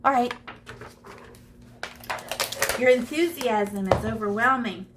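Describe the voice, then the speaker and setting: A woman with a higher-leaning voice speaks at a moderate pace amid background noise. In her classroom, the art teacher demonstrates shading during a live drawing lesson, playful and chatty, musing aloud as she draws.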